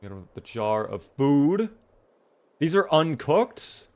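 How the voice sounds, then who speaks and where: A man's voice: on the high side, big pitch swings, slow pace. Tired, chatty young game streamer man. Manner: chatty, thanks viewers by name, mutters while looting. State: tired, yawning. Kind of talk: casual live-stream commentary.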